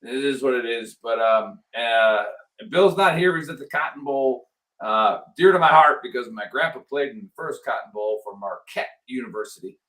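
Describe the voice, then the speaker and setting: A man's voice: mid-range voice, normal speed, fairly bright tone. A middle-aged man hosting a casual veterans' show, earnest and pleading, repeating himself for emphasis. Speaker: podcast host. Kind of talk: casual chat.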